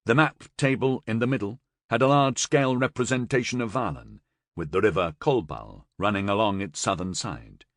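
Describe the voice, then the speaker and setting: A man narrates an audiobook in an expressive storytelling manner, delivering scripted narration at a normal speed in a lowish voice. The studio-quality recording has no room sound.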